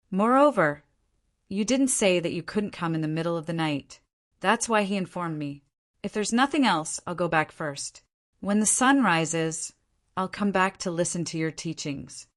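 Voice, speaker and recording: A woman's voice: lowish voice, expressive, normal speed, a bit bright. A woman voicing a humble young male escort assistant in an audiobook, speaking respectfully and a little hurriedly. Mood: deferential. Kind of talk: audiobook character voice.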